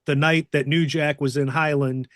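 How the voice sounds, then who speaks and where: A man's voice: fairly high pitch, little pitch movement, normal speed, dry recording. A man hosting a podcast in casual chat, with short remarks and blunt corrections. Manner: brief, dry interjections and blunt corrections. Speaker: podcast host.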